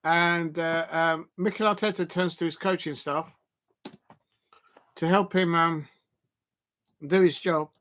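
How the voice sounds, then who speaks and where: A man hosting a live football watch-along, talking haltingly with fillers and breaking into loud emphatic outbursts at the action. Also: fairly high pitch, fairly even intonation. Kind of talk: live match reaction commentary.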